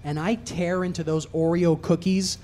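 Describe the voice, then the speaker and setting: A young adult man doing a stand-up comedy set, swinging from low mutters to loud shouting. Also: little pitch movement, normal speed.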